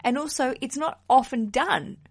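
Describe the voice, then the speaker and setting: A woman's voice: high-pitched, moderate pace, breathy edge. Outspoken woman podcaster. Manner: outspoken, swears freely, laughs often. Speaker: wedding podcast host. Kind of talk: casual solo podcast chat.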